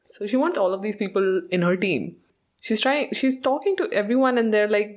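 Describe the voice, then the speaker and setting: A woman's voice: mid-range voice, brisk. A woman hosting a podcast, chatting casually about a show, mixing in Hindi and laughing often. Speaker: podcast host.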